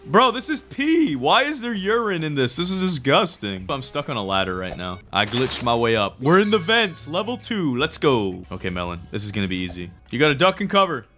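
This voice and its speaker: Young guy yelling and joking thru a game, bright voice jumping all over, bit of game music behind. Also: medium pitch, brisk, few pauses. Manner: jokey, excitable, frequent exclamations. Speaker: gaming YouTuber. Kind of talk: playful gameplay commentary.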